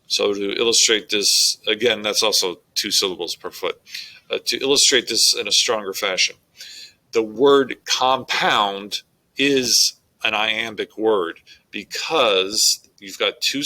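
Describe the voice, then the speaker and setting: A man, teaching a recorded lesson on poetic meter in a slow, deliberate way with frequent fillers. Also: on the low side, bright, forceful tone, poor audio.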